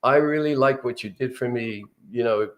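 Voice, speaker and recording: A man's voice: mid-range voice, moderate pace. An older man, a guest actor, telling rambling anecdotes in a casual interview.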